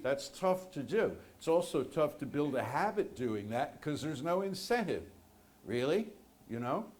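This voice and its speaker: A man's voice: medium pitch, sing-song, unhurried, a little mellow. A man preaching a sermon to a congregation, speaking conversationally and with animation, joking with his listeners. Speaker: minister. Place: church sanctuary.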